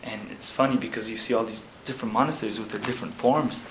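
A man, a Zen monk, talking casually about monastery life, halting with fillers and laughing as he tells stories. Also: on the low side, fairly even intonation, a bit bright. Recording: echoey room with background noise.

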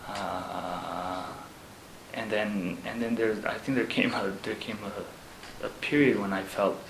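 A man, a Zen monk, talking casually about monastery life, halting with fillers and laughing as he tells stories. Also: lowish voice, fairly even intonation, fairly bright tone. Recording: echoey room with background noise.

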